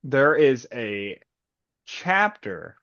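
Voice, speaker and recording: Brief: podcast co-host, casual and profane, joking, dull lo-fi sound with no room. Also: male voice, mid-range voice, drawn-out words, dry recording. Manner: animated, profane and jokey. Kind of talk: casual book discussion chat.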